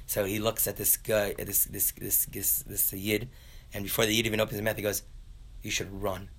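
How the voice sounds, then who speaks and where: A man telling a story in a casual Torah class, acting out the characters in a folksy, animated way. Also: lowish voice, brisk. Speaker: Torah teacher.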